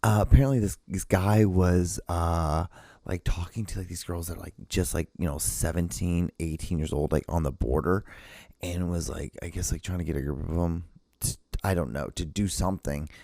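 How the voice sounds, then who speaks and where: A man's voice: sits low, steady tone, moderate pace, creaky, dark tone, dry recording, clean studio sound. A young man hosting a podcast, telling a rambling story in casual chat, swearing often and restarting his sentences. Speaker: podcast host.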